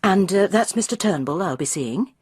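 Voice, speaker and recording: A polite woman feeling her way as an amateur detective, voiced by a storyteller. She speaks hesitantly, her voice husky and lively in pitch. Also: normal speed, no echo, studio quality. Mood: tentative.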